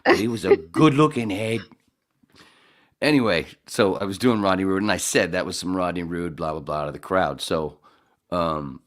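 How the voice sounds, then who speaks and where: A middle-aged man hosting a podcast, chatting casually in a rambling, halting, self-deprecating way. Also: sits low, a bit bright. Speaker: podcast host. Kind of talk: casual chat.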